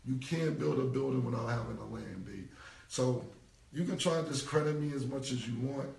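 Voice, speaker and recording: Blunt, gravelly-voiced New man ranting. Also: medium pitch, normal speed, darkish tone, reverberant, recorded from a distance. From United States. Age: 40s. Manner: blunt, repetitive street talk. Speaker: rapper. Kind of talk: casual Instagram live rant.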